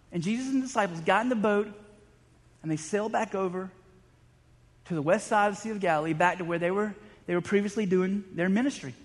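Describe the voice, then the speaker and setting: High-voiced preacher man in a reverberant hall. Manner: conversational storytelling preacher, many restarts. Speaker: pastor. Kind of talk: sermon.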